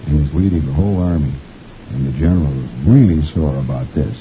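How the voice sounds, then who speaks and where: A man's voice: extremely low pitch, animated, fairly quick, highs cut off, slight background noise. A middle-aged man hosting a chatty reading of the comics, folksy and rambling, chuckling often. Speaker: host reading the comics aloud.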